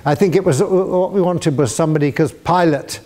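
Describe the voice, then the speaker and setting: An older man with a mellow, slightly raised voice tells stories to a student audience, chuckling as he goes. He slips into quoted voices now and then, keeping it loose and conversational. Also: a little high, a little fast. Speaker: guest answering student questions. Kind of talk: anecdotal Q&A storytelling. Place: university lecture hall.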